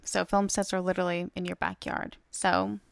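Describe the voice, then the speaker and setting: A young woman talks through her solo podcast in a chatty, upbeat way, peppered with fillers. Her voice carries a gravelly fry at the ends of phrases. The recording is dry and close. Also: fairly low pitch, flat delivery, moderate pace, no echo. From United States. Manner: chatty and upbeat, many fillers, laughs often. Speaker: podcast host.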